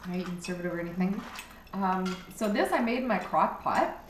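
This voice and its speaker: A woman guest talks practically through her ingredients, pausing on fillers. She stands some distance from the mic. The kitchen echoes, with faint cutlery clinks behind her. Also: medium pitch, lively intonation, slight background noise. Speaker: guest cook. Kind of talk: casual chat.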